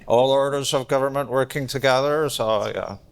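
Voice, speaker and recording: A man's voice: mid-range voice, normal speed, creaky. A man answering on a conference panel in a blunt, dryly cynical way. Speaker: panelist, economist.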